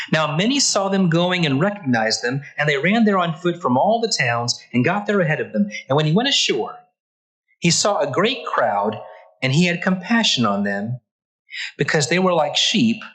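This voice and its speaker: A man's voice: medium pitch, a bit bright, rough recording. A man teaching a church Bible class, reading scripture aloud and stopping to explain it with earnest, emphatic repetition. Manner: reads passages then stops to comment.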